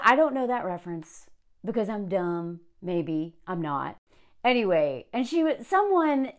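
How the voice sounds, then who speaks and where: A video commentator with a high, slightly bright voice reads a story aloud and gives sarcastic reactions to it, getting worked up as she talks.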